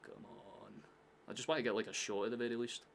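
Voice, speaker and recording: A man hosting a live football watchalong, chatting casually, swearing often and shouting at big chances. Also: medium pitch, steady tone, rapid-fire, slight background noise.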